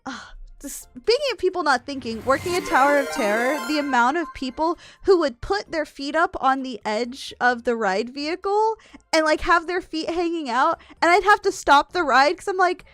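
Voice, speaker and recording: A woman's voice: high voice, lively intonation, moderate pace, a bit bright, soft background music. A young woman chatting as a guest, telling candid, exasperated stories from working a theme park ride. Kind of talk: casual chat.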